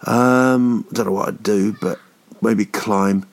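A man's voice: on the low side, fairly even intonation, takes it slowly, vocal fry. A man in his thirties hosting a podcast, rambling through a jokey, swearing monologue that drifts off topic. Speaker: podcast host.

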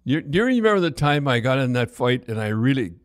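A man's voice: mid-range voice, very animated, quick pace, no echo. Older man telling old hockey stories, loose and rambling, dry close sound. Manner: rambling, with false starts. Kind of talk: casual reminiscing.

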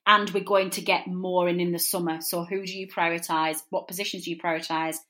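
A woman's voice: on the low side, level tone, fairly quick, fairly bright tone. A woman hosting a football podcast, teasing her guests and putting questions to them. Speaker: podcast host. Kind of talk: casual podcast chat.

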